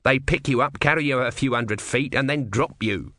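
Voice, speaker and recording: A man's voice: medium pitch, normal speed, pushed and bright, no room sound, close to an everyday voice. A man doing a grumpy tortoise god. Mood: grumpy, sarcastic. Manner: snarling, impatient, dry. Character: grumpy sarcastic male god stuck as a tortoise.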